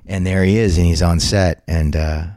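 Interview guest, man, low voice, rambles and restarts, dead-dry recording. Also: steady tone, moderate pace, darkish tone, no echo. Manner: rambling, frequent restarts and repeated words. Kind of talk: casual anecdotal storytelling.

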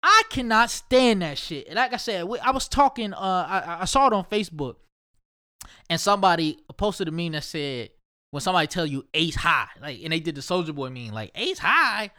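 Guy from ohio going off, cussing a lot, kinda high voice, keeps repeating himself. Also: expressive, fairly quick, sharp tone, clear, resonant tone. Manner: profane, emphatic, repeats himself. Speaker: solo commentator. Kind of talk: casual rant monologue.

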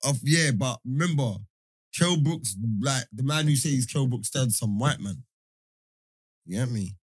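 A young man telling a story in casual chat, animated and full of slang fillers. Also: medium pitch, unhurried, breathy edge.

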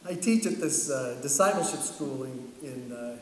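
A middle-aged man preaching a sermon, telling a story in an animated way and acting out the dialogue. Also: medium pitch, normal speed, slight background noise. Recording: echoey hall from far off, faint ambience.

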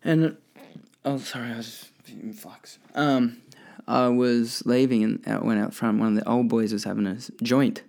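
A man's voice: mid-range voice, steady tone, moderate pace, gravelly, a little mellow. An Australian man hosting a podcast, answering listener questions in rambling, profane casual chat that keeps correcting itself. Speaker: podcast host.

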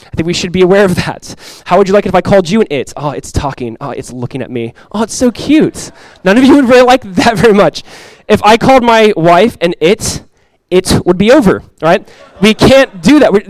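A man in his thirties delivers a sermon in a relaxed, conversational way, tossing in quick asides as he goes. His voice sits a bit higher than most men's, and it comes across dry and close, with no room sound around it. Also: no room sound. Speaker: pastor.

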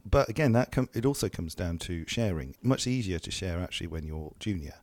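A man, a psychiatrist co-hosting a podcast, speaking in a measured, thoughtful way in casual chat. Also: low-pitched, animated, darkish tone, no room sound. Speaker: psychiatrist co-host.

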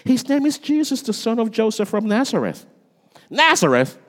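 A man preaching a sermon as pastor, dramatic, swinging between loud lines and hushed ones. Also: very high-pitched, very animated, moderate pace. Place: church sanctuary. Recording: long reverb of a church hall.

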